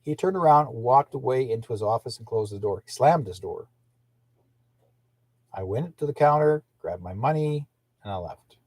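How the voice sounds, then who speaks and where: A man's voice: mid-range voice, expressive, normal speed, darkish tone, husky, no room sound. An older man from Canada hosting a livestream, talking in a rambling, indignant way that repeats and restarts often. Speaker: livestream host.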